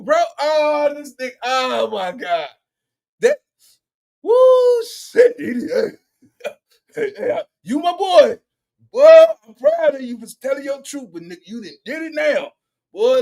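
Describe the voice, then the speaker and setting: Reaction host: man, very high and bouncy voice, loud and teasing, slangy casual commentary. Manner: excitable, teasing, loud exclamations and laughter; repeats slangy tags like "boy" and "bro".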